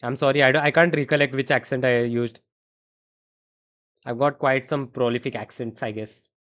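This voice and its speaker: A man's voice: medium pitch, fairly even intonation, normal speed, fairly bright tone. A young man with an Indian accent, streaming chess and thinking aloud through variations while he answers chat in a casual way. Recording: dull, muffled stream audio.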